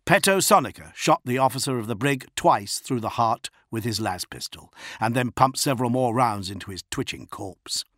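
Male audiobook narrator, gravelly and unhurried, dry studio sound. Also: on the low side, a bit bright, no echo.

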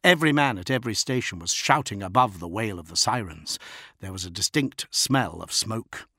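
Male audiobook narrator, gravelly and unhurried, dry studio sound. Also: lowish voice, lively intonation, pushed and bright, no room sound.

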